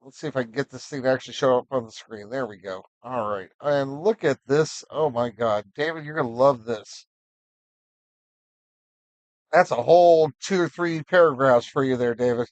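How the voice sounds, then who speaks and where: A man's voice: mid-range voice, moderate pace, darkish tone, no room sound. Male livestream host, rambling, encouraging; dry, dull audio. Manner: encouraging, rambling with many fillers. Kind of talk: casual live-stream chat.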